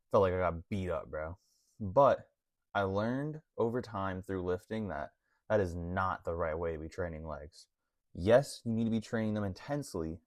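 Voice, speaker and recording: Young fitness vlogger, deep voice, loose slangy delivery, dry sound. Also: male voice, no echo. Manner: laid-back, slangy, full of "like" and "honestly". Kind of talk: casual talk to camera.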